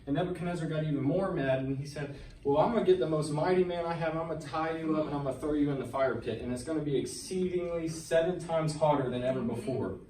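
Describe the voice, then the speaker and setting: This man talks fast, his dark-toned voice sitting a little high, as he gives a testimony to a church congregation. Retelling a Bible story, his earnest, colloquial speech steadily intensifies. The recording comes from an echoey church hall, mic at a distance, faint noise present.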